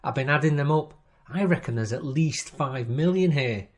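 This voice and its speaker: A man reading a story aloud, voicing a polite, soft-spoken male crook with a Southern accent. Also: fairly high pitch, normal speed, pitched above the performer's own voice, lightly acted. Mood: gleeful. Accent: American Southern.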